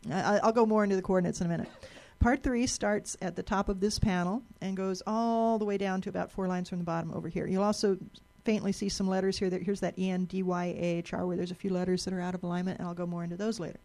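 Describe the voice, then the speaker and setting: A woman's voice: lowish voice, fairly even intonation, fast talker, hardly any pauses, a little mellow. A woman giving a live presentation to an audience in a lecture room, chatty and explanatory, often restarting and repeating words.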